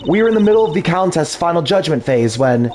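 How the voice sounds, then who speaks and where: A man voicing a gentle, polite young woman who talks in a soft, apologetic, earnest way. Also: fairly high pitch, very animated, quick pace, a little hiss or hum.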